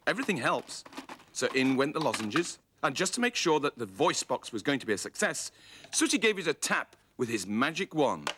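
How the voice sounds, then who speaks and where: A man's voice: mid-range voice, big pitch swings, normal speed, bright, forceful tone. Man narrating a children's story. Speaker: storyteller presenter. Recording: hissy old VHS tape.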